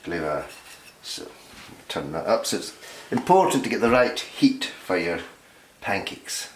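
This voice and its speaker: A man leading a playful online lesson for children, slowly sounding out simple phrases syllable by syllable. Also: sits low, big pitch swings, a little hiss or hum. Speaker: Gaelic workshop teacher. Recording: roomy sound from a distance.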